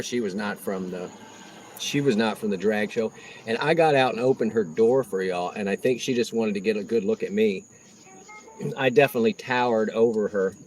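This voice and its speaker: A man's voice: fairly low pitch, darkish tone, a little hiss or hum, low-quality recording. A man, rambling casually to viewers during a delivery livestream. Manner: rambling, chatty, talks to viewers. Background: faint crickets and insects.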